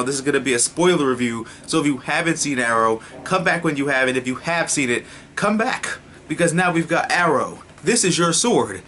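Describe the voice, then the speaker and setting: A man reviewing a TV episode in a casual, excitable way, swearing freely and restarting sentences. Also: on the high side, a little hiss or hum.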